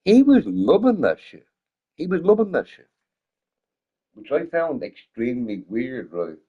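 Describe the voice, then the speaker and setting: A man's voice: mid-range voice, sing-song, unhurried, husky, phone-quality sound. A man streaming a game while a little drunk, chatting casually in a rambling way, swearing a lot and laughing often. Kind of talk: casual live-stream chat.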